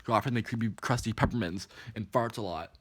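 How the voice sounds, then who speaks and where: Fast-talking man telling an animated story. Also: on the low side, slightly rough, no room sound. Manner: animated, swears often, many "like" fillers. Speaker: vlogger. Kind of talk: storytime vlog.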